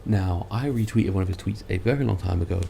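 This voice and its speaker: A man's voice: low voice, quick pace, vocal fry, mellow, slight background noise. A man who makes online videos, ranting about other creators in a sarcastic, rambling, self-mocking way. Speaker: content creator. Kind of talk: ranting commentary vlog.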